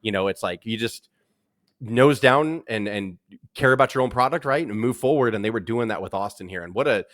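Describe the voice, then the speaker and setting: A man hosting a podcast in casual chat, talking in an excited, rambling way with many restarts. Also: lowish voice, a little fast, dry recording, clean studio sound. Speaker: podcast host. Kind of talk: casual chat recapping wrestling.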